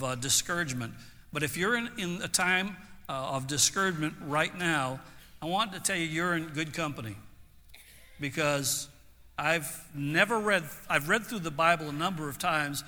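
A man's voice: on the high side, sharp tone. A man preaching a sermon as pastor, earnest and stopping to restart his phrases. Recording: long hall reverb.

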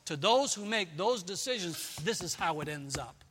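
A man preaching a sermon with a forceful, bright edge to his somewhat high voice. He talks earnestly and repeats key phrases for emphasis. His voice rings out with a long reverb, as in a big hall. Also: expressive, normal speed, breathy edge. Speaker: pastor.

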